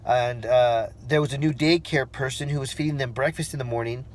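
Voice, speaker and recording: A man in his forties telling a personal story in a relaxed, rambling way, with fillers and restarts, acting out the voices he quotes. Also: mid-range voice, a little fast, a little hiss or hum. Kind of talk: casual spoken storytelling.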